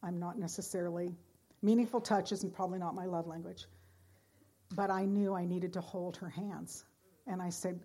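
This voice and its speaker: A woman pastor preaching a sermon, earnest, moving between loud exhortation and hushed storytelling. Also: lowish voice, fairly even intonation, moderate pace, husky.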